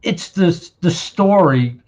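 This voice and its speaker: A man's voice: sits high, expressive, a little mellow. Easygoing man laughing along. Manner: easygoing, quick to laugh, short replies. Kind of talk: casual chat.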